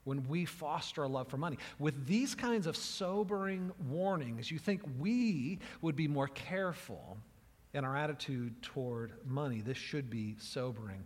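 A male pastor delivers a sermon in a mid-pitched, slightly husky voice. He talks conversationally, keeps asking "right?" and restarts his phrases. A long hall reverb hangs on everything he says. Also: animated, measured pace. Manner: conversational, frequent "right?", repeats words.

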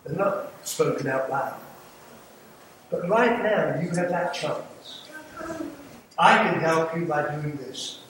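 A man's voice: a little high, takes it slowly, long pauses. An older man with an English accent preaching an earnest sermon as an evangelist, pleading with the congregation and making small jokes. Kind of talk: sermon with altar call. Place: church sanctuary. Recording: echoey hall, mic far off, audible room noise.

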